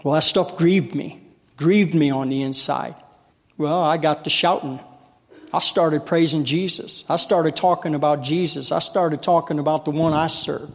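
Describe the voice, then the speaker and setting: A man preaching a sermon in a folksy storytelling way, calling on the congregation to answer and growing loud when fired up. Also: a little high, fairly even intonation, moderate pace. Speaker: lay preacher. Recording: long hall reverb.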